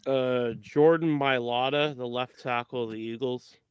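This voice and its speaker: A man's voice: medium pitch, steady tone, unhurried, smooth, dry recording. A man in his thirties talking sports facts in casual chat, matter-of-fact and brief.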